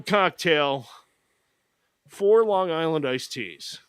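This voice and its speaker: A man's voice: mid-range voice, expressive, unhurried, fairly bright tone. A man hosting a podcast, recapping a movie in a casual, sarcastic, mocking way. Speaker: podcast host.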